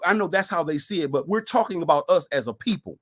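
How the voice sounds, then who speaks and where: A man's voice: on the high side, expressive, fast, fairly bright tone. A man co-hosting a talk show, speaking in an emphatic, preachy way and repeating his points. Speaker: co-host.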